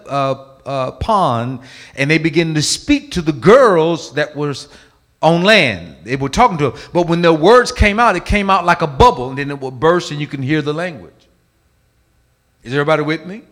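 A male preacher delivering a sermon with a bright, forceful voice. His pitch leaps around with animated energy, and his delivery moves between hushed, drawn-out phrases and loud, driving ones. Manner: dramatic storytelling, swinging between hushed and loud.

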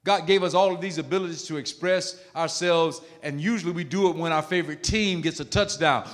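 A man preaching a sermon in a church, emphatic, swinging from soft quoted words to shouted exhortation. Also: on the high side, a little fast, few pauses. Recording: long reverb of a large hall.

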